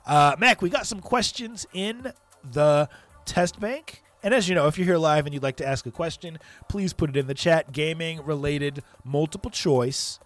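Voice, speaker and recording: A man co-hosting a live gaming show, chatting casually in an upbeat, lively way. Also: on the high side, moderate pace, no echo, soft background music. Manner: lively, upbeat, animated delivery. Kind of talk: casual live-stream chat.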